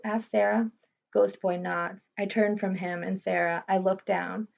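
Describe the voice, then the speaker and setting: A woman reading a first-person novel aloud in a steady, understated way. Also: mid-range voice, a little slow, creaky. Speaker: audiobook reader. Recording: slightly muffled recording.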